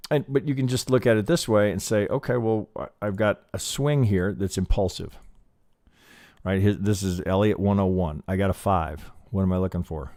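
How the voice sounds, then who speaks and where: Lower-voiced male trading teacher, rambling and thinking aloud, swears casually, restarts often, close dry mic. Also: normal speed, a little mellow, dry recording. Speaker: trading educator. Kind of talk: live chart analysis lesson.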